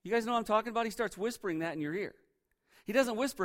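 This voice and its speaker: Man, pastor, sermon in a church, conversational, rhetorical questions, somewhat high pitch. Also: fast.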